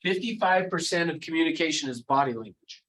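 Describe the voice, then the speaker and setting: A man leading a live sales training, animated and demonstrative, quizzing his audience and acting out phone calls. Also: on the high side, a little fast, rough recording. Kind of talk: live training session with role-play.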